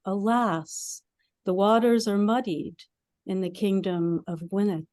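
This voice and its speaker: Slow, mellow woman reciting poetry. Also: medium pitch, no echo, clean studio sound. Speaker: poet. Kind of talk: reading a poem aloud. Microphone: video call.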